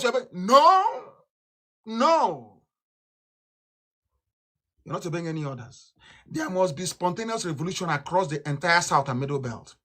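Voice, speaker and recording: A Nigerian man giving a fiery live broadcast speech, ranting and repeating himself, swinging between loud outbursts and low mutters. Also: big pitch swings, normal speed, long pauses. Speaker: political broadcaster.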